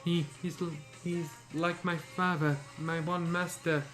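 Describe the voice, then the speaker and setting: A man's voice: on the high side, level tone, a little fast, faint music behind, close to an everyday voice. A man doing a tearful young ninja girl. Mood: sobbing. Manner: tearful, pleading. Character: grieving young female ninja student.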